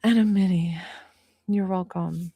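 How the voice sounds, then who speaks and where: A woman hosting a psychic livestream, chatting casually and excitedly, rambling and greeting viewers by name while still catching her breath. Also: fairly low pitch, a little slow, slightly rough, no echo. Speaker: psychic medium livestream host.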